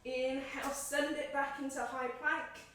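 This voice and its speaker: A woman leading a home yoga class, giving calm, encouraging cues in time with the breath, a little out of breath. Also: high voice, unhurried. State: slightly out of breath. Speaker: yoga instructor. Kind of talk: guided yoga class instruction. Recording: echoey room, mic at a distance.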